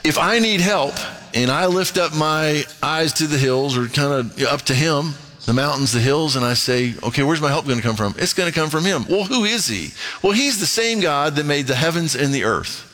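A male preacher with a fairly high voice delivers a sermon and reads scripture aloud. He is emphatic, sinking to hushed tones and then climbing into excited, rising questions. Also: normal speed. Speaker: pastor.

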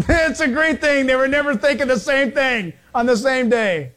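Guy w a high voice giving a sermon, chatty and funny, animated storytelling. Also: unhurried. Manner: animated, humorous storytelling with chuckles; folksy, conversational preaching. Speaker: preacher.

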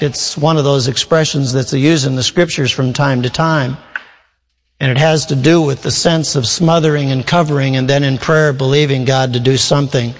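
Man, pastor, animated sermon, fairly high voice, reverberant hall sound. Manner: animated preaching, reading scripture aloud.

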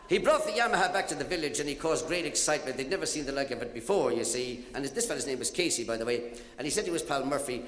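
A man's voice: medium pitch, animated, fast talker. A man with an Irish accent telling jokes on stage, chuckling at his own punchlines. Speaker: stand-up comedian. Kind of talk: live stage joke-telling. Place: stage in a large venue. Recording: echoey hall, audience noise.

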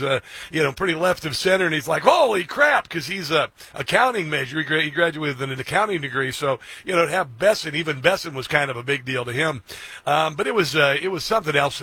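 A middle-aged man hosting talk radio, excitable and mocking, with many fillers and restarts. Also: fairly high pitch, husky, no room sound. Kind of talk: opinionated talk radio monologue.

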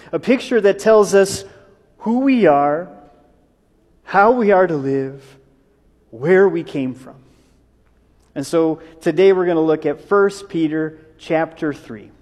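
A man's voice: on the high side, darkish tone. A man, a pastor, preaching a conversational sermon with small jokes and asides. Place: church. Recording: long reverb of a church hall.

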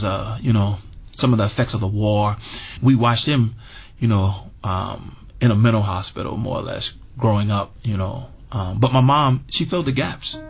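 A middle-aged man telling a personal story in a relaxed, conversational way, full of fillers and repeated words. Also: lowish voice, gravelly, breathy edge. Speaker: interviewee. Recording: dull lo-fi radio audio with music behind.

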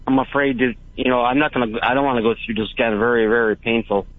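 A man calling in to a radio show who speaks haltingly, with pauses and fillers between phrases. His voice comes through a tinny, narrow phone line at a middle pitch. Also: little pitch movement, dry recording. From Hawaii. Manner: hesitant, halting, many fillers. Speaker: caller.

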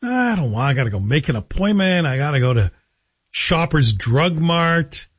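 A man's voice: fairly high pitch, sing-song, moderate pace, breathy edge. A man hosting a talk radio show, chatting through a casual monologue with wry, self-deprecating asides. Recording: dull lo-fi radio broadcast.

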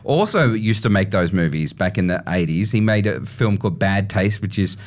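A man's voice: lowish voice, animated, normal speed. A man hosting a casual radio chat, chatty and knowledgeable, often agreeing with "yeah, yeah". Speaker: radio host.

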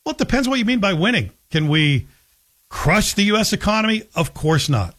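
A man's voice: sits high, big pitch swings, brisk, fairly bright tone. Blunt, sarcastic male talk host. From Canada. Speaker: radio talk show host. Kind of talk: opinionated monologue.

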